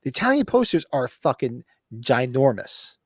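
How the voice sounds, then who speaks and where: A man's voice: mid-range voice, sing-song, moderate pace, breathy edge, dry recording, studio quality. A man co-hosting a casual live podcast, telling rambling, profane stories about his collection. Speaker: podcast co-host. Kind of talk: casual chat.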